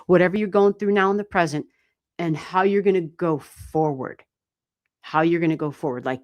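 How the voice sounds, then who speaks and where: A woman giving casual, animated astrology readings on a livestream, chatting and swearing lightly as she goes. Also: low-pitched, no echo, studio quality. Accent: US Midwestern. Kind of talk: casual live-stream reading.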